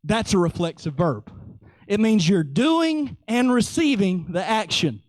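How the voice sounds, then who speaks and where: A man preaching a sermon in a lively, joking way, acting out little voices as he teaches. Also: high voice, unhurried, dry recording. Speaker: pastor.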